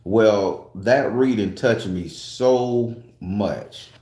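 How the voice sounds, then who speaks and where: A man's voice: on the low side, drawn-out words, a little mellow, echoey room. A man and tarot reader telling a story in a casual, profane, emphatic way.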